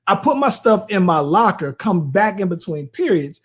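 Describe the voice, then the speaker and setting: A man in his late thirties, co-hosting a podcast and telling a story in an animated, slangy way, often tossing in "bro" and "right?". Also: high-pitched, normal speed. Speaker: podcast co-host. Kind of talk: casual storytelling chat.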